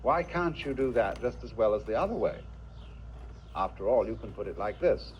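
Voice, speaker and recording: A man's voice: on the low side, expressive, moderate pace, slight background noise. A man giving a philosophical lecture in a musing way, asking the listener rhetorical questions, heard from a dull lo-fi archival recording.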